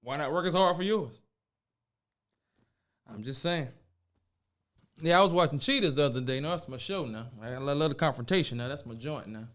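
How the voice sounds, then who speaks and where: A man's voice: fairly high pitch, a little fast, pauses often, a bit bright. A man hosting a casual podcast, telling stories animatedly, acting out voices and laughing often. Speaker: podcast host.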